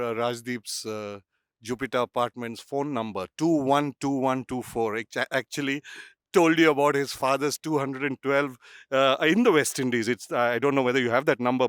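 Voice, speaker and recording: Older man, clear resonant voice, dry sound, unhurried interviewer. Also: medium pitch, a bit bright, dry recording. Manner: reminiscing, leisurely questions with many fillers.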